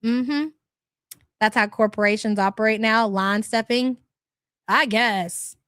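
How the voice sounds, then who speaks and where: A woman's voice: fairly high pitch, slow pace, fairly bright tone, clean tone, no room sound. Blunt, swearing woman ranting, dry close mic. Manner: blunt, profane, exasperated ranting; laughs often. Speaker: livestream host reading chat. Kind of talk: casual livestream rant.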